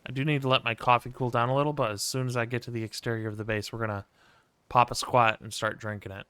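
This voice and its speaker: Male streamer, bright clear voice, profane wry ranting over gameplay, dry close mic. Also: medium pitch, flat delivery, fast talker, dry recording. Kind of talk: casual gameplay commentary.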